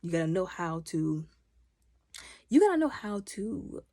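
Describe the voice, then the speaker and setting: A woman recapping a TV episode in casual, animated commentary, opinionated and talking back to the characters. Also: on the low side, a little slow, dry recording, clean studio sound. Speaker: video recap host.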